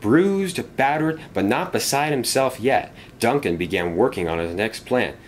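A man narrates a children's storybook tale with plenty of expression. His voice sits at a middle pitch but moves a lot, over a faint low rumble. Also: lively intonation, measured pace.

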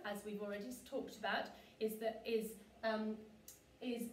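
A woman teacher, slowly modelling words for children to repeat in a lesson. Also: medium pitch, fairly even intonation, far from the mic. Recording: echoey room, voice from off the mic.

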